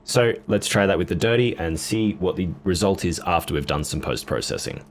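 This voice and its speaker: A man with a deep, animated voice talks briskly while casually demoing and comparing guitar gear. His comments are blunt and offhand.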